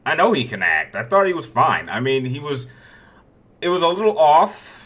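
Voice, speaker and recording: A man's voice: a little high, big pitch swings, moderate pace, fairly bright tone. A man in his thirties hosting a casual Q&A, rambling through viewer questions with frequent restarts. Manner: rambling, many restarts, chuckles between answers. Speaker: YouTube Q&A host.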